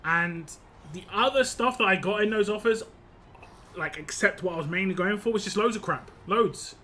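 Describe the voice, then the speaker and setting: Bright-voiced male streamer chatting casually. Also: high voice, moderate pace, a little hiss or hum. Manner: rambling, laughs often, many restarts. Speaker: game streamer. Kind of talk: casual live-stream chat, answering viewer comments.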